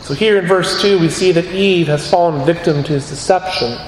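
A man with a fairly high voice preaches a sermon in a measured, earnest way, pausing for emphasis. His voice rings through a large hall with a long reverb. A faint ambient hum sits behind him. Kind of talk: expository sermon.

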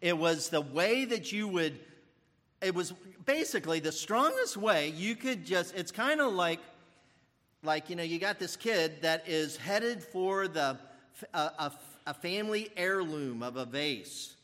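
Older male pastor, lively and bright-voiced, sermon with fillers, long church reverb. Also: high-pitched, unhurried. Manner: animated, thinking aloud with fillers and restarts.

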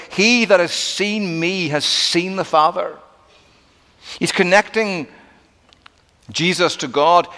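A middle-aged male pastor delivers an emphatic sermon in a slightly high voice. He slows down and sinks to a near hush to land his points. His voice rings with the long reverb of a large hall. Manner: emphatic preaching with dramatic slowdowns and drops to a hush.

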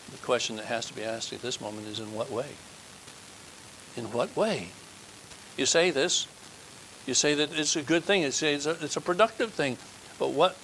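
A man's voice: medium pitch, a bit bright, slight background noise, rough recording. A man preaching a communion sermon, stressing his points by repeating key phrases and building to fervent appeals.

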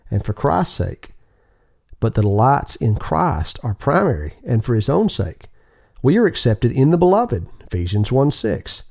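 A man reading an old sermon aloud as an audiobook, in a measured, solemn manner with rising emphasis. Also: medium pitch, gravelly, dark tone. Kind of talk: scripted devotional reading.

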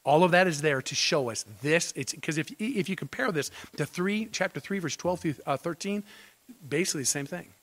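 A man's voice: a little high, a little fast, a bit bright. A man pastor preaching an expository sermon, emphatic and full of rhetorical questions. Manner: emphatic, rhetorical questions, repeats key phrases.

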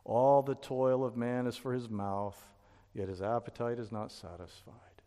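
A man's voice: mid-range voice, steady tone, unhurried, warm tone. A man teaching a Bible lesson in sermon style, explaining step by step with frequent restarts. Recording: long reverb of a hall.

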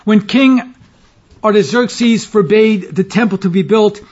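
A man preaching an expository sermon as pastor, stressing key phrases by slowing down. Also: high-pitched, a little mellow, muffled recording.

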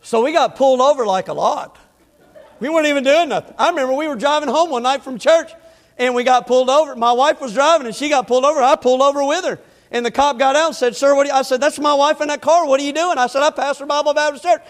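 This pastor, a middle-aged man, talks quickly in a very high pitch. In the church sanctuary, with long hall reverb audible, he moves from a chatty personal anecdote to emphatic preaching built on repeated phrases.

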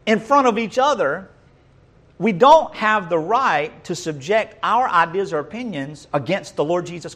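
High-voiced man preaching emphatically. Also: a bit bright. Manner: emphatic, repetitive rhetorical questions. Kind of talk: sermon.

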